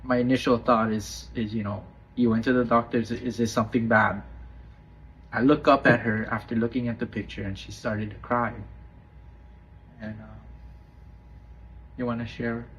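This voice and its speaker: A man co-hosting a faith podcast, talking in a reflective, halting way and repeating words as he searches for them. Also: medium pitch, little pitch movement, husky. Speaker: podcast co-host. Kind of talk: casual faith podcast chat. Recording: dull, slightly noisy recording.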